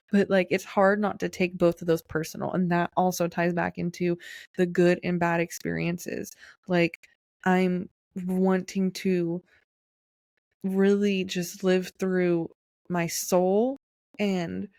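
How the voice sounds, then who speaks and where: A woman's voice: fairly low pitch, gravelly, darkish tone, no room sound, clean studio sound. A young adult woman hosting her own podcast, talking in an earnest, rambling monologue full of fillers and restarts. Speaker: podcast host. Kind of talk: casual personal monologue.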